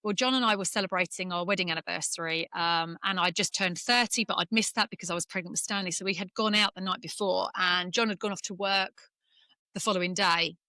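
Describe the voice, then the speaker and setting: A woman's voice: lowish voice, fairly even intonation, brisk, pushed and bright, no room sound. A woman from England, a former golfer, candidly telling an emotional personal story in an interview, close to tears at times.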